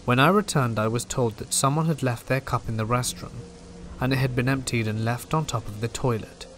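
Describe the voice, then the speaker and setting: Hushed man narrating over soft rain. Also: mid-range voice, a little fast. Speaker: horror story narrator. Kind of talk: scripted narration. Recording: rain noise behind voice. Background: steady rain.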